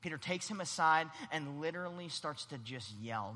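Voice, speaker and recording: A man preaching a sermon, animated and acting out the voices in the story. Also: mid-range voice, a little fast, few pauses, long reverb tail. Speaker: pastor.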